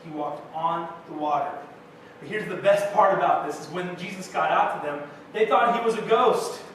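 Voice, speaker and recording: This is a young pastor's sermon in a church sanctuary, delivered at a moderate pace in a high, slightly bright voice. He keeps things casual with self-deprecating stories for the congregation, and the audio comes from far back in the echoey hall, faintly noisy.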